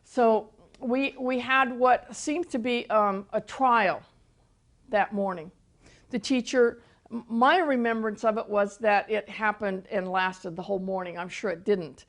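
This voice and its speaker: An older woman teaching through personal testimony, soft-spoken and storytelling, often repeating words as she gathers her thoughts. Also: medium pitch, a little slow. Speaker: Christian teacher and author.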